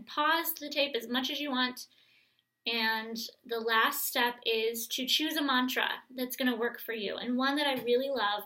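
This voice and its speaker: A woman coaching viewers through a guided self-help exercise, speaking gently and straight to the viewer. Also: a little high, rough recording.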